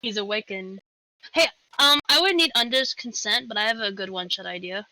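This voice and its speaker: A woman with a bright voice playing a tabletop game online. She talks politely and giggles often. Her voice sounds close and dry. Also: medium pitch, brisk, dry recording, rough recording. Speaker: player. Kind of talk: casual tabletop game chat.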